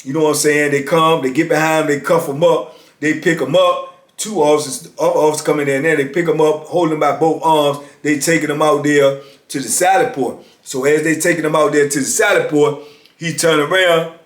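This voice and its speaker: A man's voice: fairly high pitch, steady tone, a little fast, roomy sound. A man casually telling a story from his years in prison, acting out voices of guards and inmates as he goes.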